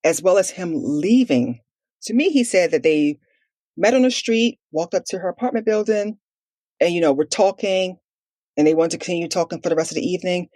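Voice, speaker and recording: A woman with a husky, slightly breathy voice tells a personal story in a podcast interview. She speaks earnestly and fast, acting out remembered dialogue and leaning on "like" as she goes. The sound is dry and close. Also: on the low side, darkish tone, no echo. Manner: earnest, quick retelling with quoted dialogue and many "like" fillers. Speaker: guest telling her family story.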